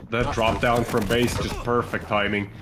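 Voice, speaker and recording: A man from Latvia doing steady, analytical play-by-play commentary on an esports match, with plenty of fillers. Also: medium pitch, normal speed, background noise. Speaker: esports caster.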